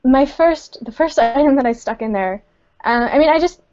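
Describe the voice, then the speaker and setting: A woman's voice: high voice, moderate pace, darkish tone. Giggly woman on a dull call line. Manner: hesitant, laughs often, many fillers. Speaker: game studio community manager. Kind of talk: casual interview chat over a call.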